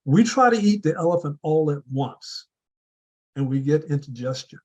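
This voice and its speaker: A man giving a deliberate motivational speech to a club audience, building his points with repeated rhetorical questions. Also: a little high, expressive, darkish tone, husky, dull audio. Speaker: club speaker.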